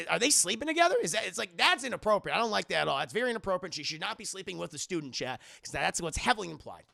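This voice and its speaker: A man with a gravelly, bright voice, rambling through a movie recap on a livestream. He swears freely and often corrects himself mid-sentence. The sound is dry and close. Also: a little high, no echo. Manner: rambling, profane, self-correcting. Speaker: movie reviewer and streamer. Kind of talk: casual film recap on a livestream.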